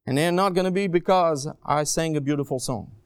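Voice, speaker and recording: High-voiced animated man preaching. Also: a little fast, clear, resonant tone, no room sound, clean studio sound. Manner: animated, swings between low asides and high emphatic cries; joking, self-deprecating asides. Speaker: guest preacher. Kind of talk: sermon.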